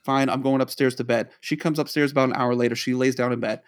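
A man's voice: mid-range voice, fairly even intonation, quick pace. A man from the Boston area, co-hosting a podcast and telling a long rambling story, acting out the dialogue he quotes. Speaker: podcast co-host. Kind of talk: casual storytelling.

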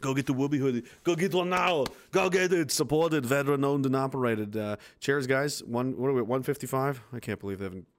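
A man's voice: mid-range voice, a little fast, few pauses. A man hosting a casual livestream, reading viewer comments and answering them with sarcastic, profane, rambling asides. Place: at home base on a hot day.

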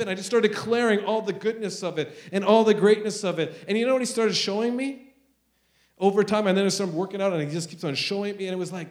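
A middle-aged man preaching a sermon, intense and earnest, moving between quiet confessions and loud declarations. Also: sits high, quick pace. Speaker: pastor.

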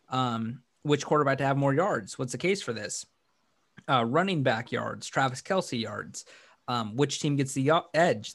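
A man hosting a casual sports podcast, rambling with frequent restarts and hiccuping. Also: medium pitch. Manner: rambling, restarts often, upbeat. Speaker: podcast host.

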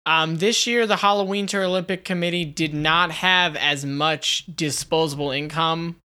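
A man's voice: fairly high pitch, steady tone, normal speed, bright, forceful tone, clean tone. A man co-hosting a comedy podcast in casual chat, playful and jokey, acting out silly quotes. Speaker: podcast co-host.

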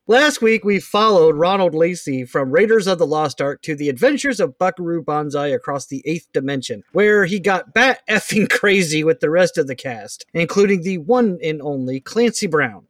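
A man co-hosting a movie podcast, introducing the episode and poking fun at himself. His voice sits high for a man, and his talk is relaxed and chatty. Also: unhurried, no room sound, clean studio sound. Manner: self-deprecating, chuckles. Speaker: podcast co-host. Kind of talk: casual chat, introducing the episode.

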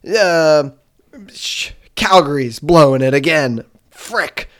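A man with a slightly high voice co-hosting a casual podcast. He jokes in excitable, mock-angry banter with his partner. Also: slow. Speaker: podcast co-host. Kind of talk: casual comedic chat.

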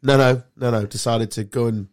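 A man's voice: medium pitch, fairly even intonation, brisk, a little mellow. Sweary mocking man. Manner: sweary, mocking, laughs a lot. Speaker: podcast host. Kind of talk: casual banter.

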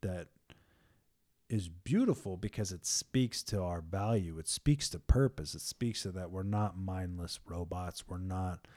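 A young man with a somewhat low voice talks through faith ideas in a relaxed, conversational way. He is earnest and emphatic, circling back and repeating words as he builds toward his point. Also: unhurried.

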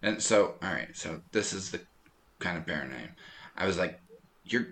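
A man co-hosting a podcast in casual chat, telling animated stories and laughing often. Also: low-pitched, normal speed. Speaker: podcast co-host.

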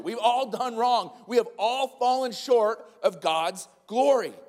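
Pastor, male, emphatic sermon delivery, high voice, echoing hall. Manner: emphatic, plays out little scenes.

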